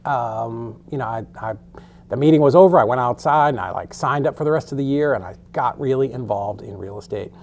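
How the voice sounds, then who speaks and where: This middle-aged man speaks fairly quickly in a slightly mellow, medium-pitched voice. He runs his real estate course as loose, chatty storytelling, peppered with frequent swearing.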